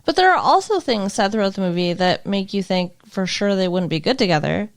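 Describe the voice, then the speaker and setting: A woman's voice: mid-range voice, lively intonation, fairly quick, no room sound. Chatty woman podcaster, dry close sound. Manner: chatty, thinks aloud, casual swearing. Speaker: podcast co-host. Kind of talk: casual movie review chat.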